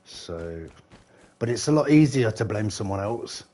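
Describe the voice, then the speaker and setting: A man's voice: fairly low pitch, animated, measured pace, mellow. A British man chatting casually while gaming on a live stream, rambling, swearing and laughing often, a little tipsy. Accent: British English. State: slightly tipsy.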